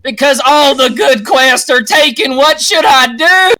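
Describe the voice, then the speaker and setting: A whiny grown man of a militant order, pleading in a shrill voice pitched well above his speaking tone, as a game master puts him on. He stretches his complaints out slowly and half-shouts them. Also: full character voice. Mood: whining plea.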